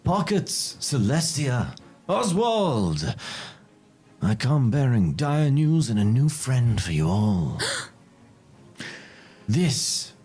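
Raspy-voiced man running a tabletop game. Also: mid-range voice, very slow, pauses often. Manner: playful, self-mocking, excitable narration. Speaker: game master. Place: home streaming setup.

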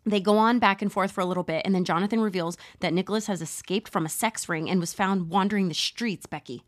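A woman podcast host telling a true crime story in casual chat, animated, swearing casually and laughing often. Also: mid-range voice, fast.

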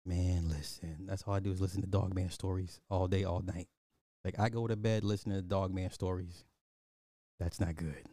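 A man giving a blunt, animated movie review in casual chat, talking straight to his viewers. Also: sits low, normal speed, no echo, studio quality.

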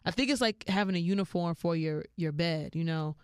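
Animated woman telling a story. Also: a little fast, clean tone, no echo, studio quality. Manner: animated, slangy, jumps into high-pitched quoted voices. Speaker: podcast host. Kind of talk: casual storytelling monologue.

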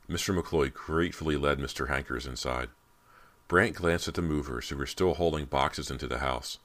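Very deep-voiced male narrator. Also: moderate pace, fairly bright tone. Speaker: audiobook narrator. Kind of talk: scripted narration.

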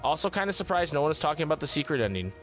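Male co-host, casual podcast chat, animated delivery, faint music underneath. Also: fairly high pitch, very fast. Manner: lively, reads viewer comments aloud.

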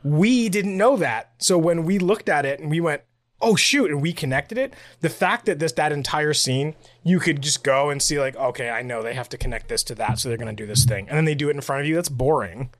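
A man's voice: a little high, fairly quick, few pauses, dry recording. A man co-hosting a podcast, chatting casually and laughing often as he reads listener emails aloud. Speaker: podcast co-host. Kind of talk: casual chat. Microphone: podcast mic on video recording.

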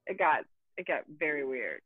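Animated woman on a tinny line. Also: low-pitched, moderate pace, no room sound. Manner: animated, profane, frequent fillers and restarts. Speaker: guest. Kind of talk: casual storytelling. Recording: tinny phone-like dry sound.

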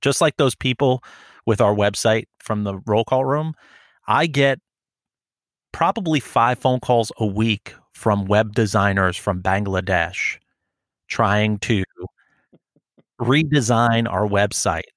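A man co-hosting a podcast in casual chat, telling animated stories, acting out phone calls and swearing freely. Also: on the low side, slow, no echo, studio quality. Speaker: podcast co-host.

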